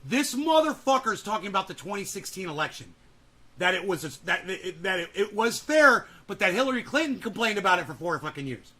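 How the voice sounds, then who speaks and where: A man hosting reaction commentary, ranting with profanity, shouting and mocking. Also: high-pitched, sing-song, a little fast. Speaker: commentary host.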